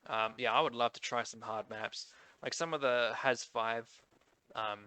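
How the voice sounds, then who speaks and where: A man's voice: mid-range voice, steady tone, a little slow, bright, forceful tone, smooth, no room sound. A man with a nasal Australian accent, a gaming YouTuber chatting casually through update notes and thinking aloud.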